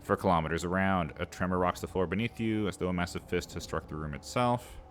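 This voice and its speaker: A man's voice: deep voice, fast talker, a little hiss or hum. A man hosting a let's play, reading the game's text aloud and breaking off for playful, chatty asides to his viewers.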